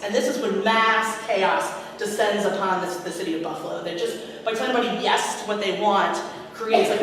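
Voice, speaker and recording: A woman pastor giving a sermon in an animated way, acting out the scripture quotes and laughing often. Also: medium pitch. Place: church sanctuary. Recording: echoey church hall from far off.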